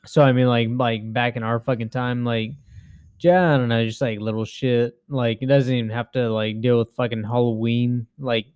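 A man's voice: mid-range voice, a little mellow, clear, resonant tone, no echo. A young man tells a story in loose casual chat, packed with filler words and swearing. He acts out the voices of the people in his stories. His sound is dry and close, with no room around it. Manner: profane rambling storyteller, heavy filler words. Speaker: podcast co-host.

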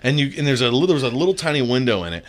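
A man telling a casual story, animated and often breaking into laughter. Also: medium pitch, very fast.

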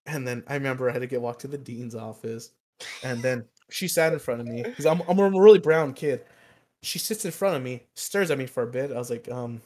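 A man's voice: medium pitch, fairly quick. A young man co-hosting a podcast, telling a long story in casual chat, swearing and laughing as he goes. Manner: animated, profane, laughs through the story. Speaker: podcast co-host.

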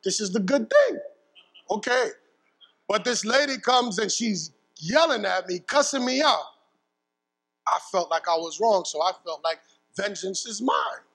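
High-voiced preacher telling a story. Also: male voice, unhurried, big-room sound, rough recording. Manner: lively storytelling, casual slang. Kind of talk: sermon with a personal story. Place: church pulpit.

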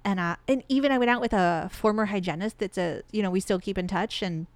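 A woman's voice: medium pitch, fast talker, dry recording. A woman in her thirties with a light Midwest American accent, telling stories in casual podcast chat and laughing often. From Michigan. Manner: chatty, laughs often, repeats words with 'like'. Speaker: podcast co-host.

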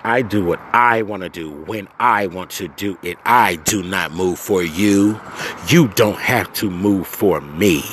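A man hosting a podcast, ranting angrily and profanely, swinging from low muttering to loud outbursts. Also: unhurried, a little hiss or hum. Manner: profane, venting, swings between muttering and shouting. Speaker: podcast host. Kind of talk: angry solo podcast rant.

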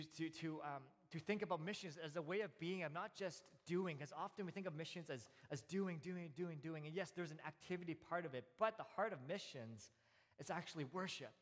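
Male pastor, 30s, slightly high voice, easygoing sermon delivery full of "uh"s and restarts, long church-hall reverb. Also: a little fast. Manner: relaxed storytelling with frequent fillers and restarts. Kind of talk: conversational sermon.

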